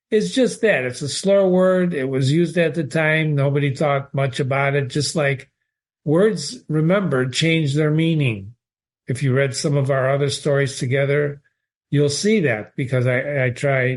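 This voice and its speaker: A man talking casually through a short story as a literature teacher, answering emails from viewers, wandering into asides and reading passages aloud. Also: on the high side. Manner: conversational, digressive, with restarts and asides. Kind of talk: casual spoken literary analysis.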